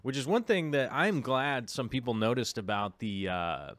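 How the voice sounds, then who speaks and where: A man's voice: medium pitch, expressive, moderate pace, a bit bright, no echo. Rambling, chatty man vlogging. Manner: rambling, with many filler ums and restarts; chatty asides to the viewer. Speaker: aquarium vlogger. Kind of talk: casual vlog chat.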